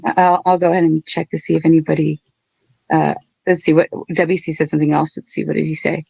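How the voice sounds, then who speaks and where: A woman hosting a casual livestream, talking in an earnest, halting and apologetic way. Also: low-pitched, level tone, gravelly, mellow, husky, no room sound. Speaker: livestream host.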